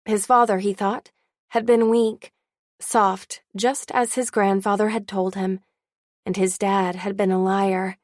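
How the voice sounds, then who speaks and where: A woman's voice: medium pitch, little pitch movement, measured pace, a little mellow, no echo, studio quality. A woman narrating an audiobook in the first person with a wry, candid tone.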